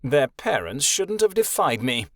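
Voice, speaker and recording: A man's voice: on the high side, big pitch swings, measured pace, a bit bright, no room sound, studio quality, full character voice. A man voicing a cruel, callous man who speaks in a cold, dismissive way.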